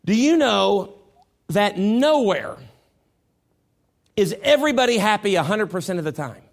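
High-voiced, impassioned middle-aged preacher. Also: male voice, sing-song, unhurried, vocal fry. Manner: impassioned, rising to shouts at peaks; folksy, conversational storytelling. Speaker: pastor. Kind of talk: sermon.

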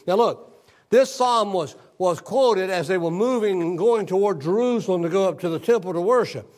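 An older male pastor, possibly, preaching a sermon. He tells a personal story and reads scripture aloud, dropping low and soft for emphasis. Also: moderate pace.

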